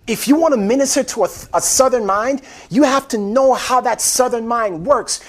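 A man preaches with real fervor, his voice sitting unusually high. He drives points home by repeating his phrases and keeps addressing the congregation as beloved. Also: normal speed, fairly bright tone. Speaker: pastor. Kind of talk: sermon.

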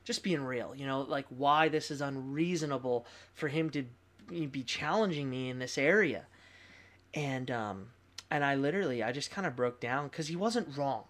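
A young adult pastor with a medium-pitched voice, speaking at normal speed, shares his personal testimony in casual conversation. He's candid and animated, using fillers and laughing.

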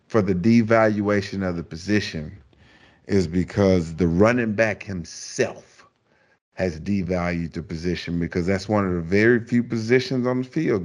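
A man's voice: on the low side, darkish tone. A man hosting a casual sports talk show, rambling, repeating himself and asking his co-host leading questions. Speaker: podcast host.

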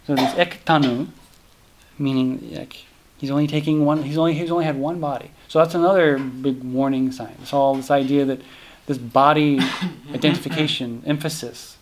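A man with a slightly high voice explains a scripture story in a loose, casual class talk. He rambles, breaks off mid-sentence and fills gaps with small filler words. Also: normal speed, creaky, slight background noise. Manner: rambling, self-interrupting, many fillers. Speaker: scripture teacher.

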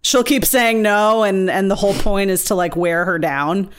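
Woman co-host, frank and reactive. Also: mid-range voice. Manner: responsive listener, quick reactions, reflective and frank. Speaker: podcast co-host. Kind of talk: casual podcast chat.

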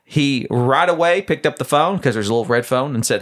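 Animated laughing man telling a story. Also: fairly quick. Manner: animated, laughing storyteller acting out dialogue in lower voices. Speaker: podcast co-host. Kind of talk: casual storytelling chat.

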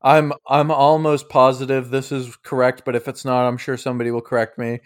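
A man's voice: medium pitch, little pitch movement, brisk, clean tone. A man in a casual, jokey manner, running a tabletop game as game master. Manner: jokey, laughs often.

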